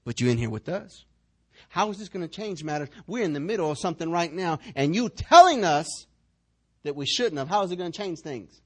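A man preaching who acts out an exasperated male prisoner scolding a shipmate, in a mocking, drawn-out tone. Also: on the high side, lively intonation, fairly bright tone, voice pushed down.

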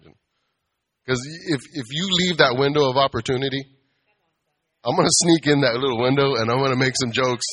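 Man, casual preacher-style talk, bright forceful tone, animated storytelling with humor; asks the crowd for amens. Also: mid-range voice, fairly quick, pauses often, husky. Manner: animated, asks the audience for amens, acts out bar customers. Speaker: speaker giving a talk.

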